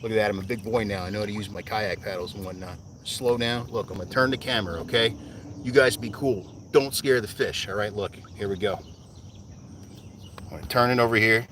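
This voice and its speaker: Man from New Jersey, low-pitched, easygoing fishing streamer on a kayak; outdoor insect noise in the background. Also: brisk, recorded from a distance. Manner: laid-back, rambling, talks to viewers while fishing. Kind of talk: casual live-stream chat.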